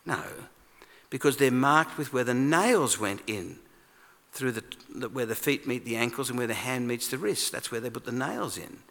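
A man preaching a sermon in a conversational, animated way, acting out quoted lines. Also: medium pitch, moderate pace, creaky. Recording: long reverb of a large hall.

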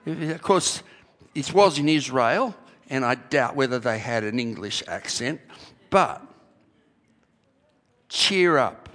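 In a church sanctuary with long hall reverb, a man preaches emphatically to his congregation. His mid-range voice is unhurried and fairly bright, and he leans on rhetorical questions and repeated key phrases.

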